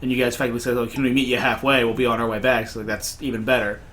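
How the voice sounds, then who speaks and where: A man's voice: medium pitch, level tone, rapid-fire, a bit bright. A man recapping a tabletop game session as game master, in a casual way with many fillers and restarts.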